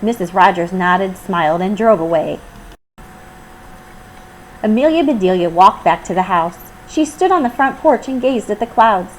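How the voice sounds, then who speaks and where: A woman reading a children's storybook aloud as host of her channel, in gentle, measured narration. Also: mid-range voice, lively intonation, slight background noise, rough recording. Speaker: storybook reader.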